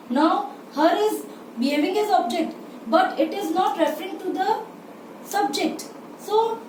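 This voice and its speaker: Slow, high-voiced woman teaching grammar. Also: darkish tone. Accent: Indian English. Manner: spells words out letter by letter and repeats key terms. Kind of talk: slow explanatory grammar lesson. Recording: roomy, distant mic with faint ambient noise.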